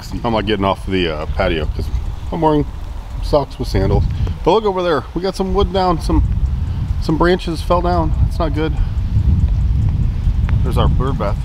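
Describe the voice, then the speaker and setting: A man's voice: on the high side, expressive, normal speed, pauses often, reverberant, noisy background. A man with a Midwestern American accent talking in a chatty, rambling, self-mocking way to his camera for a casual vlog. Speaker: vlogger.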